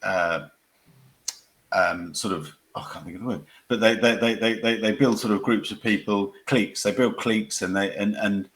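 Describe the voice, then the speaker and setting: A man, a crime author and former police officer, answering interview questions in a halting way with many repeated words and restarts, on a video call. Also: fairly low pitch, a bit bright.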